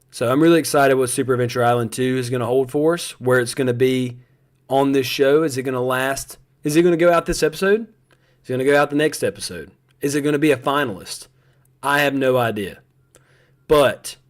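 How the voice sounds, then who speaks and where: A young adult man, hosting a live stream in casual, rambling chat aimed straight at his viewers. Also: mid-range voice.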